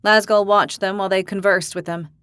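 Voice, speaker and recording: A woman narrator reading a fantasy audiobook, steady and even. Her voice sits mid-range, recorded close and dry with no room sound. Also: medium pitch, brisk, smooth, no echo. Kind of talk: scripted narration.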